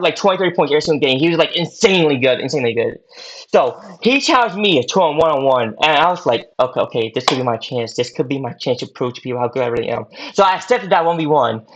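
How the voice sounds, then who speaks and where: Young male podcast guest, casual rambling storyteller, repeats himself, lo-fi recording. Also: on the high side. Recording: dull lo-fi audio.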